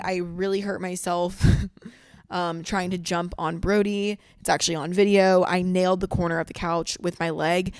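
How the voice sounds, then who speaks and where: Young female podcast host, casual storyteller, profane and giggly, mid-pitched voice. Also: no echo, clean studio sound. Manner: swears freely, lots of "like"; animated, laughs while telling.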